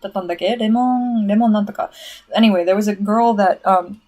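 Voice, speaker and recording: A woman streaming casually and answering chat, chatty and excitable, full of "like" and "um" as she rants. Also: mid-range voice, moderate pace, dull audio. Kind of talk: casual livestream rant.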